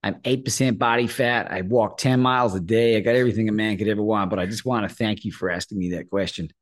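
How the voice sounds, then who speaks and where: Here the middle-aged Australian courage coach moves quickly, his voice on the low side, as he tells an animated story during a podcast interview. Quoted people get their own acted-out voices, and "right?" comes up often.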